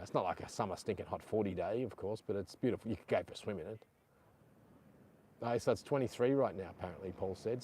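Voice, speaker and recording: A man's voice: lowish voice, darkish tone, a little hiss or hum. A middle-aged Australian man chatting casually on a live stream, reading out viewer comments, with a lapel mic clipped to his chest. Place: outdoors on a beach.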